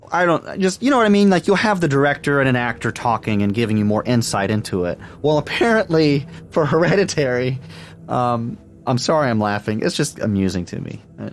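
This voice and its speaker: A man co-hosting a movie podcast, chatting casually with many fillers and restarts and laughing often. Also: medium pitch. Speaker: podcast co-host.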